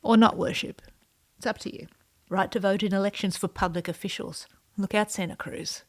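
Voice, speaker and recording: A woman's voice: medium pitch, fairly even intonation, normal speed. A woman in her thirties chatting through a personal vlog, playful, with dry asides and the odd whispered joke. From non-US, immigrant to the USA. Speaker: vlogger. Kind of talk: casual personal vlog narration.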